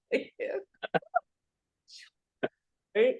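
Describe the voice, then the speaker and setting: A woman hosting a live software demo webinar in a casual, joking way, laughing often and acting out what team members say. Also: very slow, reverberant, phone-quality sound.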